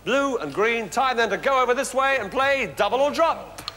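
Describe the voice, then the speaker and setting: Bright, bouncy game show host. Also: male voice, extremely high pitch, expressive, over music. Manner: jokey, brisk, cheery. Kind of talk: lively game show presenting. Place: television studio with audience. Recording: long studio reverb, faint hum.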